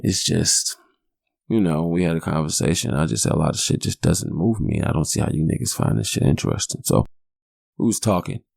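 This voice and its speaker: A man's voice: sits low, gravelly, darkish tone, no room sound, clean studio sound. A man in his forties hosting a podcast, telling stories in a rambling, profane, joking way. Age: 40s. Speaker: podcast host. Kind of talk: casual storytelling monologue.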